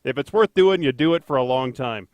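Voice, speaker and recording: A man's voice: medium pitch, lively intonation, fairly quick, dry recording. A man co-hosting a casual podcast, rambling and joking with lots of fillers and self-deprecating asides. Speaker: podcast co-host, traffic anchor.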